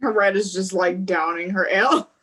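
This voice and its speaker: A woman player narrating her character in a tabletop game, relaxed and affectionate. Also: medium pitch, moderate pace. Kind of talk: tabletop role-play narration.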